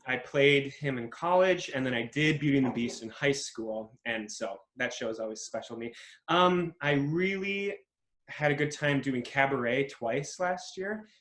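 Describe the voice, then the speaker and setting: A male actor from Minnesota, telling stories in an animated, joking way during a casual interview. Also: mid-range voice, normal speed. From Minnesota, USA. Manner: animated, jokey storytelling. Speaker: guest actor. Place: home in New York City. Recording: echoey room.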